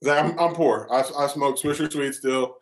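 A former college basketball player telling loose, profane stories in a casual podcast chat. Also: male voice, medium pitch, moderate pace. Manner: loose, profane storytelling with lively voiced asides.

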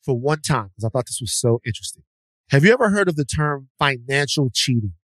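A man's voice: mid-range voice, big pitch swings, fairly quick, no room sound, studio quality. A man co-hosting a podcast, telling a story in a casual, slangy, rambling way with restarts. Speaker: podcast co-host.

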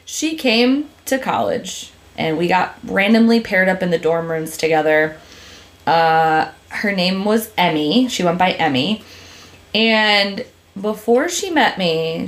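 Casting note: young woman podcast host, animated, laughing, swears freely, mid-range voice. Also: medium pitch. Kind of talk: casual chat.

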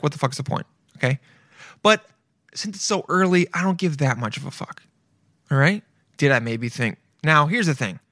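A man's voice: on the high side, a bit bright, dry recording, studio quality. A young man hosting his own podcast, rambling casually and swearing a lot, tossing in "okay?" and "dude" as he goes. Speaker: podcast host. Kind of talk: casual solo podcast rant.

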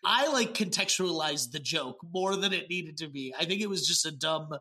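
A man co-hosting a casual podcast chat, animated and swearing, acting out lines as he reviews a show. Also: on the high side, moderate pace. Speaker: podcast co-host.

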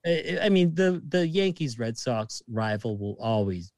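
A man's voice: medium pitch, expressive, unhurried, darkish tone, dry recording. Laid-back Boston-accented man, dry sound. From Massachusetts, USA. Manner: laid-back, swears freely, says dude a lot. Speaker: guest. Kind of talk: casual chat.

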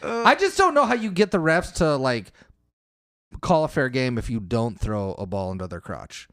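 A man in casual, joking chat about a movie, swearing and breaking into shouted impressions. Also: medium pitch, very animated, normal speed.

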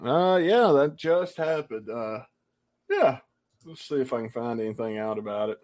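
A man's voice: mid-range voice, expressive, normal speed, darkish tone. A man co-hosting a podcast, teasing and playful in casual chat. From United States. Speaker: podcast co-host.

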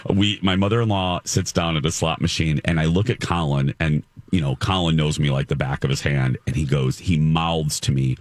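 A man's voice: very deep voice, moderate pace, hardly any pauses, no room sound. A man in his forties, a radio host, telling rambling self-mocking stories in casual chat. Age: 40s.

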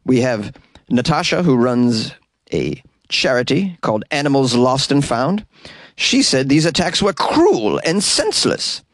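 Male comedian podcast host, rambling jokey delivery, dead-dry closet sound, middle pitch. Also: big pitch swings, measured pace, no room sound. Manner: jokey, rambling, puts on silly voices for quotes. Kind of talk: comic news reading and casual chat. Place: small closet studio.

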